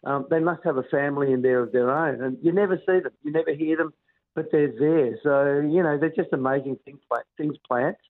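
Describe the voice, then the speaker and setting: A man's voice: on the high side, fairly quick. A man calling a radio show to share a heartfelt story about his plants, rambling with fillers. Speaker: caller. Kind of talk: phone-in story. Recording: tinny phone line.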